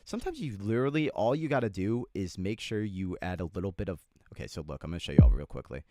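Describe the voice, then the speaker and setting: A man's voice: deep voice, big pitch swings, quick pace, dark tone, no room sound. A young man livestreaming a beat-making tutorial, chatting casually with his chat, joking and swearing a lot. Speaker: music producer livestreamer.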